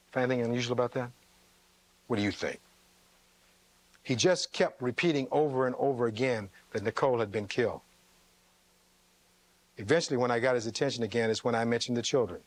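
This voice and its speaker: In the role of defense counsel, this man delivers a closing argument to the jury, quoting testimony and posing rhetorical questions. Stressed words bring sharp upward leaps in pitch. He moves at a fairly quick clip and pauses often.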